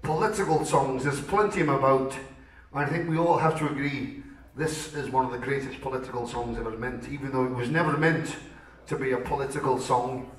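A man's voice: medium pitch, brisk. A middle-aged man from Liverpool with a put-on Scottish-style accent, bantering with the audience from a club stage as the band's singer, joking and heartfelt. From Liverpool, England. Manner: joking, self-mocking, heartfelt. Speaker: rock singer. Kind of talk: chatty stage banter between songs. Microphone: stage vocal mic through the PA. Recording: echoey club hall from far off.

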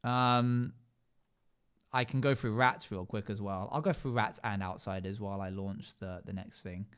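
A man's voice: on the low side, steady tone, moderate pace, fairly bright tone, smooth. A male streamer chatting casually while playing a game, rattling off long lists with lots of "uh" and "um" fillers. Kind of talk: casual live-stream chat while gaming.

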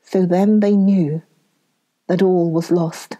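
A woman reading a children's story aloud, slow and gentle. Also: lowish voice, steady tone.

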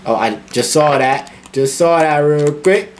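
A man giving loud, profane commentary on a horror game, yelping at scares and talking back to the characters. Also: a little high, measured pace, a little hiss or hum. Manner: excitable, profane, yelps at jump scares. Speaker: gaming YouTuber.

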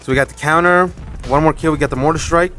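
A young gamer talks through his match in loose, casual commentary, his slightly high voice jumping up when he gets kills or dies. He swears freely and chats with his viewers between fights. Faint game music and gunfire sit behind him. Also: fast. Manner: excitable, swears often, reacts loudly to kills and deaths. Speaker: gaming streamer. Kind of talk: live gameplay commentary.

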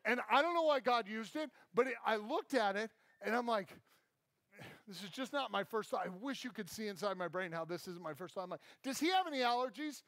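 A man's voice: high voice, animated, fairly quick, fairly bright tone, dry recording. A man preaching a sermon as a pastor, telling a self-deprecating story and acting out the people in it. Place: church.

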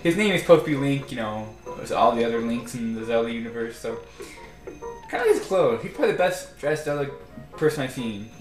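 A man's voice: mid-range voice, sing-song, fairly quick, faint music behind. A young man chatting casually while playing a video game, rambling and correcting himself as he goes. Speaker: let's play gamer. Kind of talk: casual gameplay commentary. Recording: roomy echo.

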